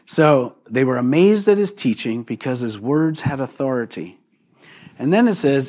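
A man preaching a sermon in a relaxed, conversational way, often putting questions to the congregation. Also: medium pitch, moderate pace. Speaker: pastor.

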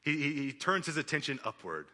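A man preaching a sermon in a church auditorium, animated and conversational with playful asides. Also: a little high, a little fast. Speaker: pastor. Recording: long reverb of a large hall.

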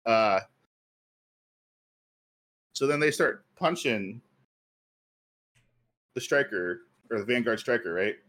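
A man's voice: mid-range voice, expressive, slow pace, pauses often, a bit bright. A man co-hosting a podcast, telling a story at length in casual chat with many fillers. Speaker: podcast co-host.

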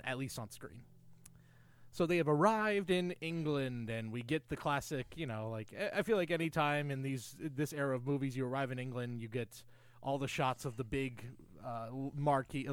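A man's voice: mid-range voice, clean tone, no echo. A man co-hosting a podcast, enthusiastically recapping a film's plot and trivia in casual chat. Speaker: podcast co-host. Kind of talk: casual film discussion.

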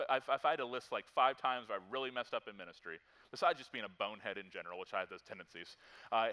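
A man preaching a sermon as pastor to his church, talking in a conversational way with self-deprecating asides, and rising loud and high when he reads scripture lists.

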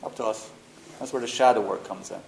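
A man's voice: medium pitch, fairly quick, vocal fry. Blunt guy teaching a workshop, swears a bit, echoey room. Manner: frank, animated, mixes slang and swearing. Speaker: spiritual teacher leading a workshop. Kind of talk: casual workshop talk. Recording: roomy echo, faint noise.

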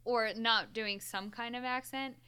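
Bright voiced woman podcasting, chatty, kinda high. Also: fairly even intonation, measured pace, clear, resonant tone. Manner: chatty, quotes her own thoughts. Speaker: podcast co-host. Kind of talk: casual podcast chat.

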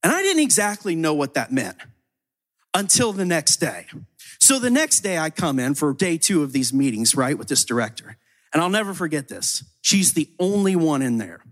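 A man's voice: a little high, very animated, moderate pace, fairly bright tone. Man preaching in casual storytelling. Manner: casual storytelling with frequent "like" fillers and repeated words. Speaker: ministry leader. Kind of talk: sermon testimony.

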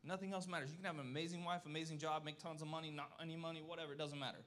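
A man's voice: on the high side, flat delivery, very fast, a bit bright. A man in his thirties giving a personal testimony at church, earnest and folksy, often checking in with "okay?" and fighting back tears. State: emotional, close to tears. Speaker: church speaker.

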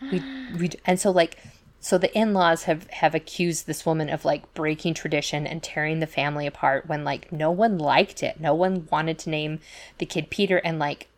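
A woman's voice: deep voice, fairly even intonation, moderate pace. A woman co-hosting a podcast, retelling stories in casual chat with lots of fillers and asides, acting out the quoted voices. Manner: chatty storytelling full of fillers and asides. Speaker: podcast co-host.

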